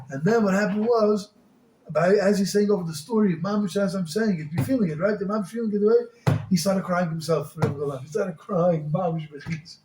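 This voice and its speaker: A man giving a Hasidic sermon as a rabbi, swinging from crying-out pleas to quiet storytelling, with Yiddish and Hebrew words mixed into his English. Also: high voice, a little fast. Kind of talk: Hasidic sermon to a small group. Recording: echoey room with faint noise.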